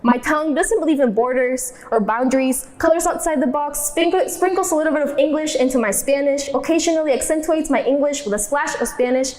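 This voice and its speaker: A woman's voice: sits high, darkish tone. A young woman performing spoken word poetry in a defiant, rhythmic delivery, mixing in Spanish lines. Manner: defiant, rhythmic, switches between English and Spanish.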